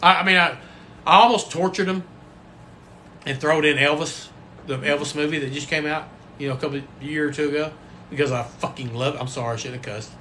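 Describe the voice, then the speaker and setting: A man's voice: on the high side, steady tone, fairly quick, pushed and bright, slight background noise. A man hosting a casual livestream, folksy and rambling, with the odd cuss word. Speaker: livestream host and football coach.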